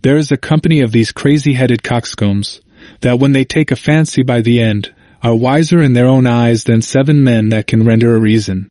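A man's voice: medium pitch, normal speed, warm tone, no room sound, natural voice. A stern, scornful neighbor, voiced by a man who scoffs at every plea. He talks in a dismissive, old-fashioned way. The sound is dry and close.

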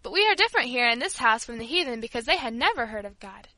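A woman voicing an earnest, devout little girl who speaks sincerely and pleads gently. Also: on the high side, sing-song, fast talker, dry recording, poor audio.

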